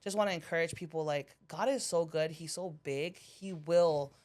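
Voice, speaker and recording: Earnest, emotional woman with a low voice. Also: normal speed, darkish tone. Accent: Hawaiian. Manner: emotional, laughs often, earnest. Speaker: podcast guest, seafood boil business owner. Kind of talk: casual faith-based chat.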